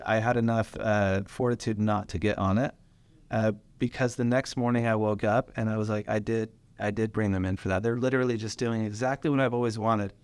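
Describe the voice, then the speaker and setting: A man hosting a casual podcast conversation, an animated storyteller who swears freely as he talks about running his business. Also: fairly low pitch, clean tone, no echo. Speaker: podcast host and business owner.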